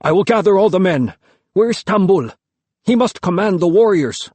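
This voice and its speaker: A stern, commanding village father barks orders, his voice pushed high and loud as he bellows across the courtyard, put on by a male narrator. It sounds close and dry, with no room around it. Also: big pitch swings, quick pace, breathy edge, no room sound. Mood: urgent.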